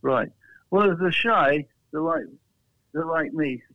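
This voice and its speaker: A man's voice: fairly high pitch, slow pace, no echo. An English man, a flag maker, chatting casually in an interview and telling rambling stories with many restarts and chuckles. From England. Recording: tinny phone line.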